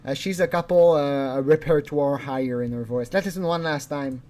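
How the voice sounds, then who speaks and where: A man's voice: a little high, moderate pace, mellow, slight background noise. A man hosting a casual video commentary, rambling along with chuckles and restarts. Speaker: channel host.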